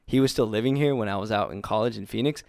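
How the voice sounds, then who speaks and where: A man's voice: on the low side, fast talker, creaky, no room sound, clean studio sound. A young man co-hosting a podcast, telling stories in casual chat with lots of "dude" and "like.". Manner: animated storyteller, says "dude" and "like" a lot. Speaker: podcast co-host.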